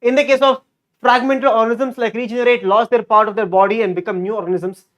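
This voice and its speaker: A male teacher giving a lively online exam-prep lecture. He repeats key words and keeps quizzing his students. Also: very high-pitched, quick pace. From India.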